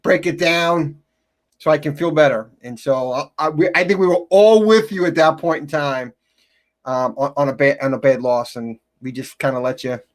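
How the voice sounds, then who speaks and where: Man, middle-aged, slightly high voice, halting, restarts a lot, casual sports chat. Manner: halting, many restarts, storytelling. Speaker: podcast co-host.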